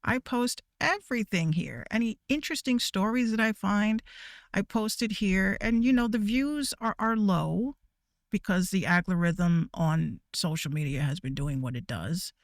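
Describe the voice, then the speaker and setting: A woman's voice: mid-range voice, unhurried, no echo, clean studio sound. A woman VTuber ranting casually to her viewers, profane and rambling, with stammering restarts. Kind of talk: casual rant.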